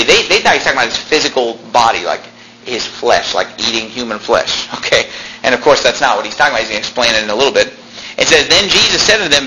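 A man's voice: medium pitch, bright, forceful tone, a little hiss or hum, rough recording. A man preaching a sermon as a pastor, emphatic, repeating phrases and quoting old-fashioned scripture.

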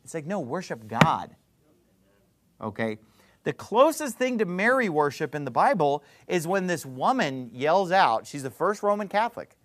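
A man's voice: a little high, big pitch swings, normal speed, slight background noise. A man preaching a sermon, full of rhetorical questions and sarcastic jabs. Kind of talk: fiery street-preacher sermon.

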